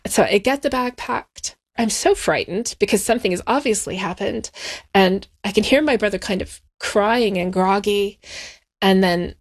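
A woman speaking in an interview, recalling her past at an unhurried, thoughtful pace. Her voice sits at an ordinary middle pitch. She slows down and lets the heavier moments settle. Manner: measured, reflective storytelling, slowing on painful moments. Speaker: interview guest. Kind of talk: personal recollection in interview.

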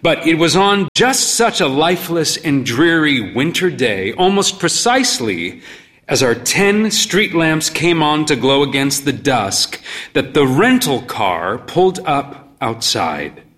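Man, storyteller, slow, dry, world-weary, lively pitch. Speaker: narrator, pub owner. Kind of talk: storytelling reading.

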